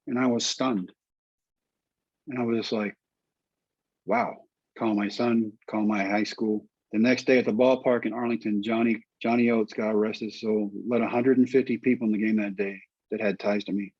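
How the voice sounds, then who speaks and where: A middle-aged man telling his story as an interview guest, lively and quoting others in voices. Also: fairly low pitch, moderate pace, husky, no room sound, highs cut off. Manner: animated storyteller, quotes people in voices. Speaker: guest, former pitcher.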